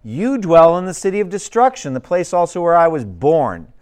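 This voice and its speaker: A man's voice: a little high, sing-song, normal speed, darkish tone, voice pushed up. Man reading as a fervent pleading pilgrim. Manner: fervent, pleading, archaic speech. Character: earnest male pilgrim pleading with neighbors.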